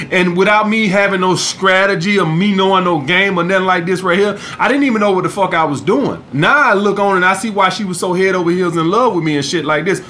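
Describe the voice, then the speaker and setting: Casting: high-voiced man, podcast host, swearing, casual lecturing tone, faint room hum. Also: sharp tone. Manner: profane, repeats "all right?". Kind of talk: casual monologue.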